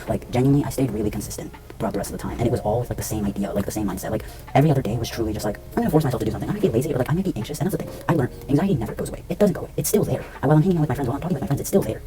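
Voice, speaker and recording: A young man vlogging to camera indoors at home, rambling and swearing, with lots of fillers and restarts. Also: medium pitch. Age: young adult. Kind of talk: casual rambling talk to camera.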